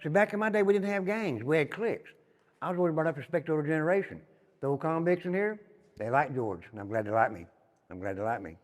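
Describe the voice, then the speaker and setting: An older Southern man from Tennessee talks quickly and with force, sitting a little high in pitch. He tells stories from his time inside as he leads a tour, often dropping to a low murmur for short asides. His voice rings with a long echo off hard prison walls. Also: lively intonation. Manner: emphatic, drops to a low murmur on repeated asides. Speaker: former inmate giving a prison tour. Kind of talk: storytelling tour guide. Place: inside an old prison building. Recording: long reverb in hard rooms.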